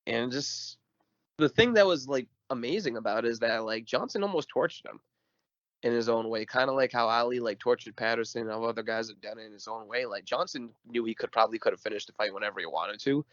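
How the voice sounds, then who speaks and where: A man's voice: medium pitch, fairly quick, no echo, dull audio. Man recounting boxing history casually. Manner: relaxed, storytelling with fillers and acted quotes. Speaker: podcast co-host. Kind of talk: casual chat.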